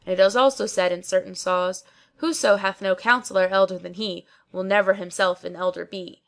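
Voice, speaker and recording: A woman's voice: medium pitch, fairly bright tone, natural voice. A woman voicing a garrulous, pompous old male barber who talks on and on, full of pious sayings. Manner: long-winded, pious, quoting sayings.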